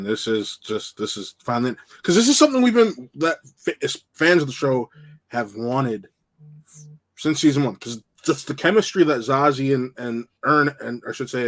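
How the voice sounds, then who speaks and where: Conversational man talking through a show. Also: medium pitch. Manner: conversational, thinks aloud. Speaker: TV and film critic. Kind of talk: casual review chat.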